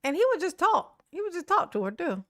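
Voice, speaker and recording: A woman's voice: very high voice, sing-song, a little fast, a bit bright, dry recording, clean studio sound. A woman hosting casual online commentary, chatty and slangy, laughing often and talking back to what she watches.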